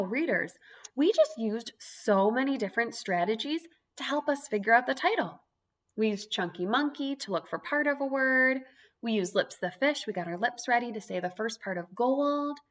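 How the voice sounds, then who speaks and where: A woman teacher giving an early reading lesson for young children, speaking clearly and encouragingly. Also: a little high, fairly bright tone. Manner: encouraging, slow, clearly spoken teacher talk.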